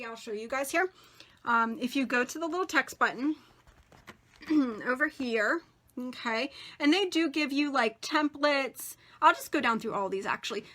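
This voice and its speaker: A young woman hosting a casual crafting tutorial, chatty and rambling with many fillers, and a bit hoarse as she is losing her voice. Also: high-pitched, sharp tone. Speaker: crafting channel host.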